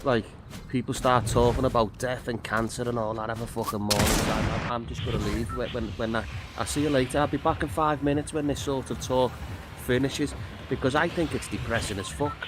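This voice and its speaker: Irritated British bloke, swearing, noisy setting. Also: male voice, mid-range voice, fairly even intonation, a little fast. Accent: British English. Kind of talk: casual chat. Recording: noisy background.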